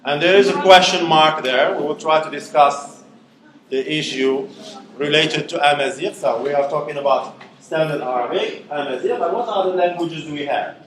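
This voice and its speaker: A man's voice: a little high, normal speed, a crowd in the background. Man lecturing in echoey classroom. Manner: questions the class, peppers speech with "okay". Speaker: university lecturer.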